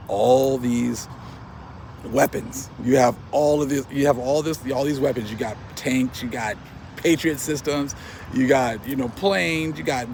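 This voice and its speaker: A man talks in a loose, mocking monologue, laughing as he goes and throwing in "bruh" and "man". His voice has a gravelly edge at a middle pitch. Faint traffic noise from outdoors sits behind him. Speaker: online commentator. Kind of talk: casual religious commentary monologue.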